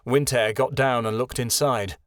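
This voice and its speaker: A man's voice: medium pitch, steady tone, a little slow, fairly bright tone, no room sound. Male audiobook narrator, dry sound. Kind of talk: scripted narration.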